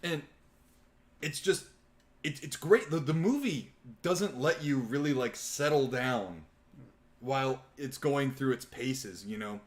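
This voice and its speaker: Young man, podcast host, casual live-stream chat, swears a lot, mid-pitched voice. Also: takes it slowly. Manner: swears often, animated movie retelling.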